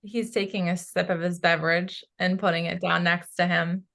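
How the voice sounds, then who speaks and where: A woman's voice: on the low side, flat delivery, normal speed, gravelly, a bit bright. A woman psychic medium describing her visions in a loose, rambling way, full of fillers. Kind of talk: channeling session in casual chat.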